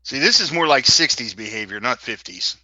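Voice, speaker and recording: A man co-hosting a podcast, chiming in during a casual comedic chat with dry, quick interjections. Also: medium pitch, expressive, pushed and bright, no room sound. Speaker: podcast co-host. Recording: muffled dry mic.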